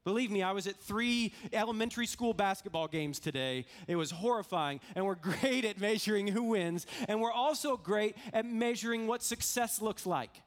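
A man with a notably high speaking voice delivers a sermon to a live audience. He talks earnestly and repeats phrases for emphasis, building intensity and then easing back down. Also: normal speed, hardly any pauses. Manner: earnest, repetitive, builds up and drops down. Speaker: preacher.

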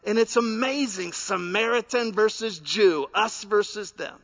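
Preacher, man, bright and forceful, shifting between lively storytelling and quiet earnestness. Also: high voice, measured pace, dull audio. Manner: animated storytelling, drops to soft earnest tones. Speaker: pastor. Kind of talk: sermon.

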